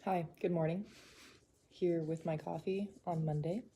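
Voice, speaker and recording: A woman's voice: fairly low pitch, measured pace. A woman artist chatting casually to camera in her studio, rambling with lots of fillers and side remarks. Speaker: artist and vlogger. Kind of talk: casual vlog chat to camera. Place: indoor art studio. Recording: echoey room with steady background noise. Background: room ambience, a passing train.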